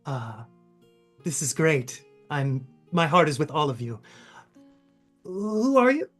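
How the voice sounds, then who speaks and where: A player voicing a theatrical, graceful female performer who speaks in flowery, slow, dramatic lines during a tabletop role-play game. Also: low-pitched, big pitch swings, soft background music, heavily acted. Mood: grand, gushing.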